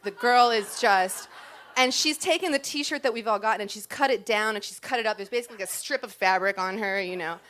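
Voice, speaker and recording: A woman's voice: medium pitch, a bit bright. A woman performing a comic personal story in a chatty, self-deprecating way, timing her punchlines.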